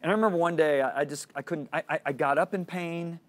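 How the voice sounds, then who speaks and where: A man's voice: on the high side, quick pace. A middle-aged man teaching a Christian lesson, telling a personal story in an earnest way and acting out the lines of the people in it. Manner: earnest storytelling, acts out dialogue.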